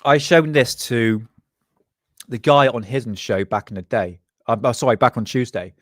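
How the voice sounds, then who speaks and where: A man's voice: mid-range voice, normal speed, no room sound, studio quality. A man hosting a live stream from his desk, casually chatting, joking, rambling and laughing often.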